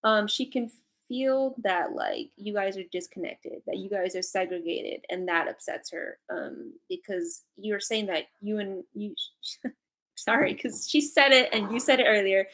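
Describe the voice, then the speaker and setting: In an expressive mid-range voice, fairly bright and a little slow, a woman reads angel cards live from home with a cat nearby. Her manner is chatty and giggly, full of laughter and fillers.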